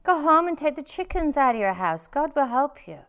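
A woman reading a story aloud and voicing a calm, wise old rabbi who speaks gently and gravely. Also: sits high, brisk, voice pushed up, heavily acted. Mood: serene. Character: wise, calm elderly rabbi giving advice.

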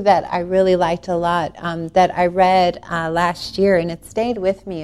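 A woman telling a long personal story about a spiritual retreat, earnest and animated, rambling with restarts and laughing now and then. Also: on the low side.

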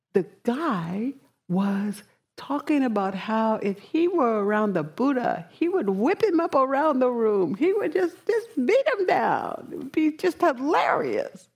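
A woman meditation teacher giving a dharma talk, reflective and slow, mixing in casual slang. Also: high-pitched, sing-song, a little mellow, breathy edge.

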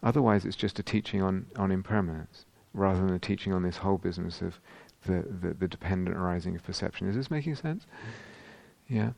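A meditation teacher answers a retreat question in a man's low, gravelly voice, with a dry, close sound. He thinks aloud, restarts his sentences and searches for words as he goes. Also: fast talker, darkish tone, no echo. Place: meditation hall.

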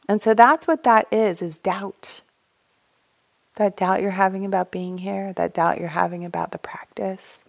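A woman's voice: medium pitch, steady tone, a little slow, vocal fry. A young woman teaching meditation in a casual, candid dharma talk, laughing often and acting out thoughts.

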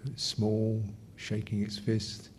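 Gentle low-voiced meditation teacher man. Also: completely flat delivery, a little hiss or hum. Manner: gentle, unhurried, often laughs softly; speaks in short halting phrases. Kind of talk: dharma Q&A teaching.

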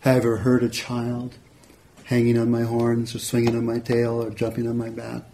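A man voicing a gentle, loving male ox with a soft, sweet, calm and compassionate voice. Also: mid-range voice, moderate pace, a little hiss or hum, natural voice. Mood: gentle reproach. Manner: calm and patient.

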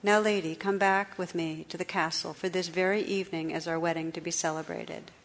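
A woman reading aloud and voicing an earnest, loyal young knight in a low, heartfelt voice. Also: fairly even intonation, fairly quick, lightly acted. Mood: firm.

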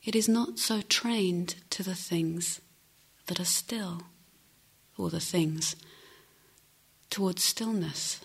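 A middle-aged woman meditation teacher giving a gentle, reflective dharma talk with unhurried pauses. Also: lowish voice, creaky, slightly rough.

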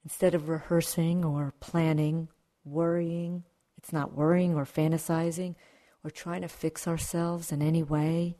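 A woman meditation teacher giving a dharma talk in a calm, reflective manner, with asides to the audience. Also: sits low, unhurried. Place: meditation retreat hall.

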